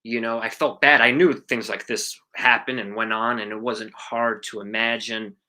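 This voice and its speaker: A man in his forties, an actor guest telling animated stories about his past film work in a casual interview. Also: medium pitch, moderate pace. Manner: animated storyteller, acts out quotes, swears casually.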